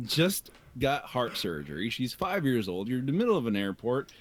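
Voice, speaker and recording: A man co-hosting a casual podcast, telling a story with lively acted-out alarm at his own reactions. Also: mid-range voice, moderate pace. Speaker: podcast co-host. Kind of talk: casual chat.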